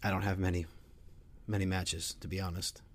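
A man's voice: low-pitched, level tone, normal speed. A middle-aged man hosting a podcast, rambling through casual sports talk with crude jokes. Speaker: podcast host.

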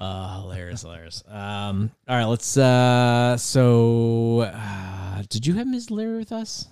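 A man's voice: mid-range voice, sing-song, slow pace, creaky, a little mellow, smooth. A middle-aged man hosting a casual podcast, reminiscing and mimicking people, swearing freely. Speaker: podcast host. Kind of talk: casual chat.

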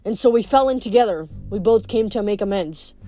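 A woman reading a novel aloud and voicing an older male inventor who speaks gravely and with regret. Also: mid-range voice, expressive, fairly quick, warm tone, no room sound, faint music behind, natural voice. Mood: remorseful.

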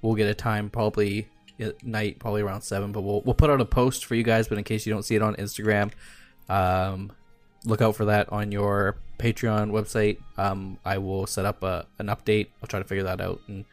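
A man co-hosting a casual podcast, relaxed, slowing down to read out promos. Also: on the low side, soft background music. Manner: relaxed, reads promos slowly and deliberately. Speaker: podcast co-host. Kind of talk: casual chat.

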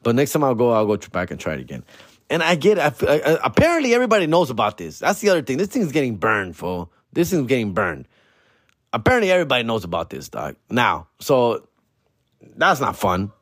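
A laid-back man talking into a close podcast mic with a middle-pitched voice in a dry, dead room. He chats casually and swears freely, dropping street slang as he rambles through his solo show. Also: dry recording. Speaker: stand-up comedian and podcast host.

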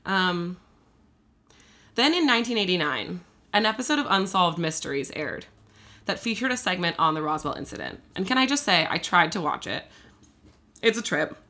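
A woman co-hosting a podcast, telling a story in casual chat, animated and full of fillers. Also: lowish voice, normal speed, long pauses. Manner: chatty, animated, many fillers and laughs.

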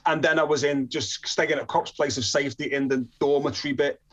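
A man's voice: fairly high pitch, fairly even intonation, a little fast. A man from northern England telling a personal story in a chatty way, with frequent restarts and chuckles.

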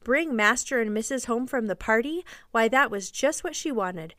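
A woman reading a classic children's novel aloud in expressive, measured storybook narration. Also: fairly high pitch, no room sound, studio quality.

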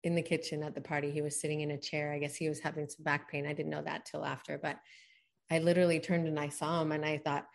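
A woman with a low, settled voice shares a personal story in conversation. She talks earnestly and reflectively, laughs often and says "like" a lot. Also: little pitch movement, fast talker, gravelly. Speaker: guest.

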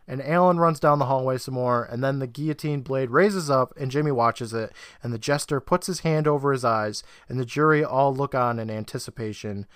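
A man's voice: medium pitch, a little fast, few pauses, smooth, no room sound, clean studio sound. Man recapping a show, laid-back. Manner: laid-back storytelling, laughs often. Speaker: podcast co-host. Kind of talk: casual episode recap.

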